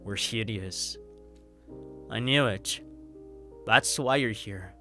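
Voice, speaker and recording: A man's voice: fairly low pitch, slow, faint music behind. A man reading a brooding guilt-ridden young student. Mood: somber. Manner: quiet, subdued reading of game dialogue.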